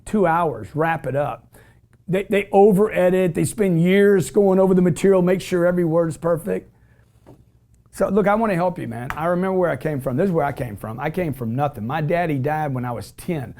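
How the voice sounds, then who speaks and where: A man's voice: sits high, expressive, moderate pace, a little mellow. A middle-aged man hosting a call-in show, preaching about money in a brash, emphatic, repetitive way. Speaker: show host. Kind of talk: motivational call-in show talk.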